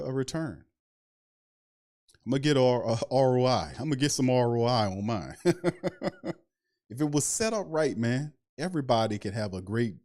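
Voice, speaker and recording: A man's voice: medium pitch, a little mellow. A man hosting a late-night live sports stream, ranting bluntly in slang and laughing often. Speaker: sports podcast host.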